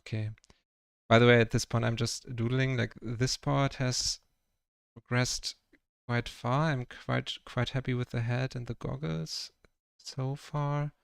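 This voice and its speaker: A young man from Germany chats in English with a German accent as he paints on a live stream. His voice is smooth yet full of vocal fry, and he talks in a flat, rambling way, padding his thoughts with fillers. The sound is dry and close to the mic. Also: mid-range voice, unhurried, no echo. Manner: rambling, filler-heavy, self-conscious about his English. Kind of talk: casual livestream chat.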